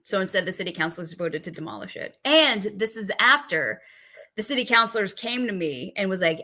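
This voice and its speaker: Woman, bright clear voice, blunt and profane, animated storyteller, podcast chat. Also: mid-range voice, moderate pace. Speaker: veterans advocate guest.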